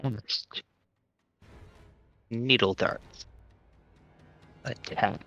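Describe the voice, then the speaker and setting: Player guy, super bright edgy voice, drawls along slowly. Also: medium pitch, steady tone, muffled recording, soft background music. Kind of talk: casual chat while playing a tabletop game.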